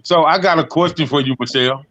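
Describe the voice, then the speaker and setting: A man's voice: a little high, quick pace, crowd noise. A man co-hosting a casual talk show, playfully asking the others questions. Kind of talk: casual chat.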